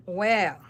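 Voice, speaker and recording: Woman, Texan accent, unhurried drawl, chatty and rambling, live crochet chat, a bit tired. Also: medium pitch, a bit bright. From Texas. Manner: rambling, chatty, reads viewer comments aloud. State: tired, yawning. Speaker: crochet channel host. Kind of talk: casual live-stream chat while crocheting.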